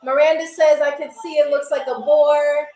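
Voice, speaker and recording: A woman's voice: sits high, flat delivery, moderate pace, warm tone, reverberant, rough recording. A young woman hosting a live-stream game show, chatting casually with viewers while she draws, playful and calling them "y'all".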